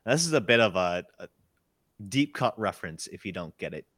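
A man hosting a casual baseball podcast, reading listener questions in a relaxed way. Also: sits low, fairly quick, no room sound.

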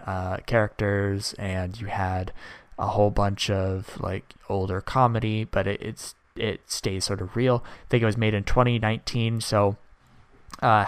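A man's voice: on the low side, clean tone, no room sound. A young man in his early twenties hosts a podcast alone, giving his opinions in a rambling, casual monologue full of restarts. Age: early 20s. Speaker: podcast host.

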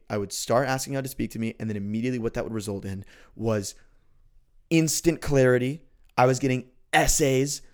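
An earnest man talks through a faith lesson in a relaxed, conversational way, pausing now and then to check that the listener is following. His voice sits at an ordinary middle pitch. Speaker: podcast host teaching on faith. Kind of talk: casual teaching talk.

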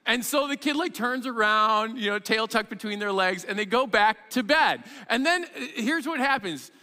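Bright-voiced pastor preaching in a reverberant hall. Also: male voice, high voice, normal speed. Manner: animated storytelling, acts out parent and child. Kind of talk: sermon. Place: church sanctuary with long reverb.

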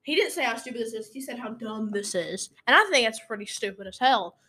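Teen girl podcasting from her room, kinda high voice, rambles and keeps saying sorry. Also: lively intonation, fairly quick, bright, forceful tone, husky. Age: teens. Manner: rambling, apologetic, easily sidetracked. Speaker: podcast host. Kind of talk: casual storytelling podcast. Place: room at home.

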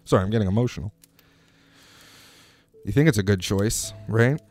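Man, lowish voice, wry, digressive comic monologue, faint music behind. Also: moderate pace, a little mellow. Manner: wry, digressive, asks the listener questions.

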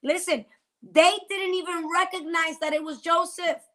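High, bright-voiced preaching woman. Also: steady tone, moderate pace. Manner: emphatic, preacher-like exhortation with repetitions. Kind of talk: preachy faith talk.

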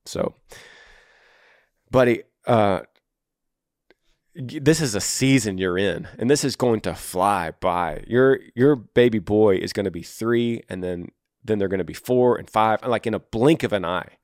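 A man with a low voice hosts an advice podcast, speaking earnestly and encouragingly to a listener. He repeats his key points for emphasis. The sound is dry and close, recorded at a studio microphone. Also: unhurried, darkish tone, dry recording. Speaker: podcast host.

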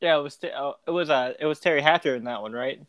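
A young man co-hosting a casual podcast, rambling through quick scene recaps with quoted lines. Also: a little high, fairly bright tone, smooth. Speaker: podcast co-host. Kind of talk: casual chat about a TV show.

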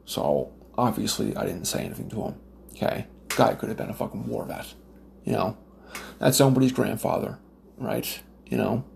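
Man, from Nova Scotia, gravelly fry, profane rambling rant, casual monologue, faint noise. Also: lowish voice, normal speed, a little mellow. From Nova Scotia, Canada. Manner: profane, rambling, lots of fillers and restarts. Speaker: smoker telling stories.

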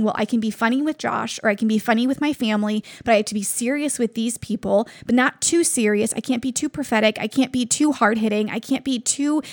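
A woman's voice: on the high side, vocal fry, no echo, clean studio sound. A woman in her thirties hosting a devotional podcast, telling a personal story in an earnest, reflective way. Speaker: podcast host.

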